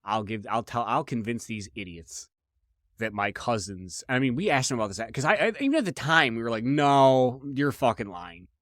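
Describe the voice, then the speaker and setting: A man's voice: mid-range voice, fairly quick, no echo, studio quality. A young man hosting a podcast, telling stories casually with a lot of swearing, repetition and restarts. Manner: profane, animated, repeats himself. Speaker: podcast host. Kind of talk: casual comedic storytelling.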